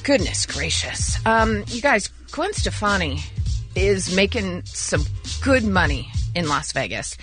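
A woman's voice: mid-range voice, faint music behind. A woman co-hosting a radio show, chatting casually and laughing easily. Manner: chatty, animated, quick to laugh.

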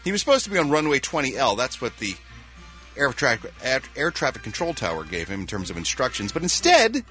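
A man's voice: medium pitch, wildly swooping pitch, a little fast, sharp tone, faint music behind. Wry male radio showbiz reporter. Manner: dry, wry delivery. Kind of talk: entertainment news segment.

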